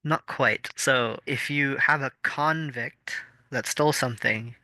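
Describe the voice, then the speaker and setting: A man's voice: medium pitch, measured pace, bright, forceful tone, no echo. A man co-hosting a casual podcast, explaining things thoughtfully with fillers and restarts. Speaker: podcast co-host. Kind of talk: casual chat.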